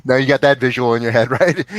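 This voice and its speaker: A man chatting casually as a podcast guest over a remote call, rambling and joking with frequent laughs. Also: medium pitch. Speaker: guest actor.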